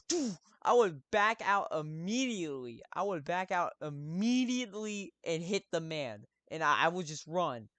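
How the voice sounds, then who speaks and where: A man's voice: high voice, no room sound. Casting: rowdy young-sounding male streamer, brash and profane, dry close mic. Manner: loud, profane, excitable commentary. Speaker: streamer reacting to a video. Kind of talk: casual live-stream reaction.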